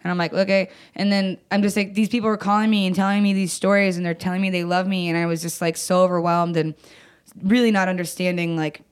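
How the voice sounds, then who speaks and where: A young woman telling a personal story in casual conversation, blunt and swearing, acting out quoted lines with jumps in pitch. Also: fairly even intonation, quick pace, clean tone. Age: young adult. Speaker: guest.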